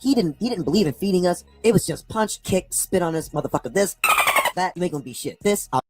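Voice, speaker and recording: A man's voice: sits high, expressive, fast, loud music behind the voice. A man in his fifties telling a painful story on a livestream, rambling and near tears, repeating "man" between broken phrases. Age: 50s. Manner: rambling, repeats "man", breaks into tearful outbursts. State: close to crying. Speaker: streamer on a clipped livestream. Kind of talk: emotional confessional monologue.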